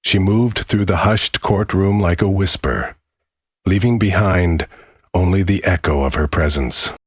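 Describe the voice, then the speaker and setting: A man giving a measured, solemn scripted narration of a dramatic story. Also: sits low, husky, no room sound, studio quality.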